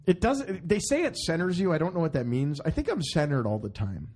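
A man's voice: on the high side, fairly quick, slightly rough. A man hosting a podcast in casual banter, telling stories with jokes. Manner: joking, animated storyteller. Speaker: podcast host.

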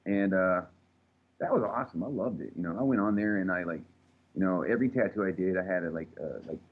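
A man's voice: deep voice, fast. A man, a tattoo artist telling a rambling, profane story in casual chat, recorded with thin phone-like sound.

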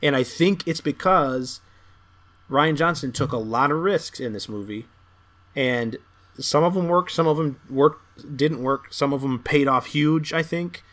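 A man's voice: a little high, a little slow, a bit bright. A man co-hosting a podcast in a casual movie discussion, thinking aloud with many hesitant restarts. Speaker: podcast co-host.

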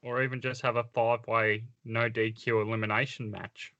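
A man's voice: mid-range voice, flat delivery, moderate pace, pushed and bright. Dry-witted man, muffled podcast audio. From Australia. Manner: dry, wry quips. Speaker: podcast co-host. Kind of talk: casual chat. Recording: slightly dull lo-fi audio.

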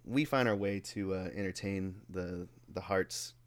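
A man's voice: low-pitched, measured pace, no room sound. A young man hosting a podcast in casual chat. He is laid-back, swears freely and laughs often. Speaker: podcast host. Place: warm home room.

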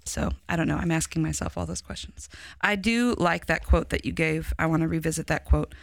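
A middle-aged woman with a faint Chicago accent speaks in a low, gravelly voice. She muses candidly on a podcast, often trailing off and starting her thought again. The sound is close and dry. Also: brisk, dry recording. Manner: reflective, candid, trails off and restarts. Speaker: podcast co-host. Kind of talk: casual church podcast discussion.

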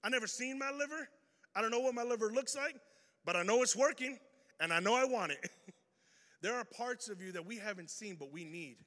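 A man preaching an energetic sermon, telling a story and swinging between loud bursts and hushed lines. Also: very high voice, fairly quick. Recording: reverberant hall.

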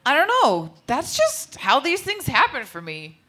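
A woman's voice: sits high, wildly swooping pitch, a little slow, sharp tone, exaggerated voice. A woman reading the part of an oblivious, cocky teenage boy in a comedic table read, cheerful and clueless. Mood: cheerfully oblivious.

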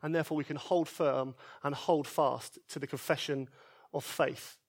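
Male pastor, high voice, earnest sermon delivery, builds to loud pleas then drops soft. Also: steady tone, normal speed, husky. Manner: earnest and emphatic, repeats key phrases, swings between loud pleas and soft quiet lines. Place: church service.

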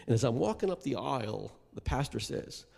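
A middle-aged man from Iraq preaching a sermon testimony, impassioned and building to shouts at its peaks. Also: medium pitch, lively intonation, a little fast, gravelly, breathy edge. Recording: long hall reverb.

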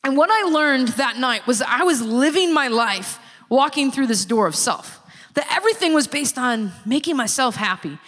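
A woman giving a sermon-style personal testimony, a lively storyteller who acts out the people she quotes. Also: high-pitched, normal speed. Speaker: speaker giving a church testimony. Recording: long reverb of a large hall.

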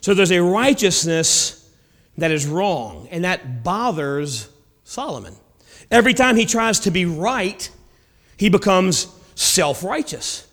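A man preaching a sermon, dramatic, swinging between loud emphasis and hushed lines. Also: high voice, sing-song, slow, big-room sound.

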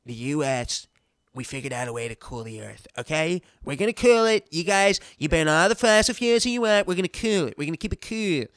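Guy doing a brash, bragging president impression, pitched way up, puffed up and loud, tossing off claims with a dismissive swagger, voice dry with no room around it. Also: animated, brisk, dry recording. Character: boastful blustering male president, brash.

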